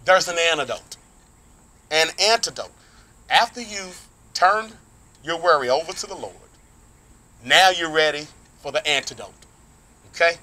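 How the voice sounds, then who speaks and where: A man preaching a short online sermon outdoors, in an animated, folksy way, often checking in with his listeners. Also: a little high, a little slow, long pauses. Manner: animated, folksy preaching with call-and-response asides. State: sweating in the heat. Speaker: pastor.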